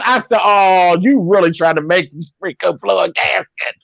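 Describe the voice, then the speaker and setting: A woman's voice: fairly low pitch, normal speed, creaky, no room sound. A woman hosting a casual, sassy gossip chat, cursing freely and laughing often. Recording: dull lo-fi sound.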